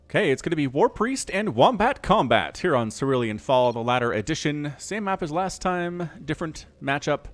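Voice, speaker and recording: An American man giving excitable, chatty solo commentary on a strategy game, often talking straight to the players. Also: medium pitch. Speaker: esports caster.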